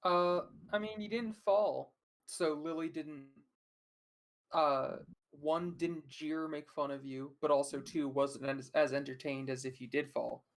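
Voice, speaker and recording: A player in a tabletop role-playing game who explains things in halting, numbered points. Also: medium pitch, steady tone. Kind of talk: casual tabletop game talk.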